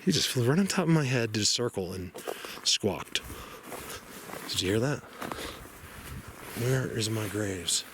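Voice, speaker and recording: A man's voice: lowish voice, animated, unhurried, pauses often. A man vlogging on foot in a forest, rambling and defiant, chuckling at his own jabs, at times out of breath. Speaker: outdoor vlogger. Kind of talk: casual walking vlog to camera. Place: outdoors in a forest. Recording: noisy outdoor camera audio.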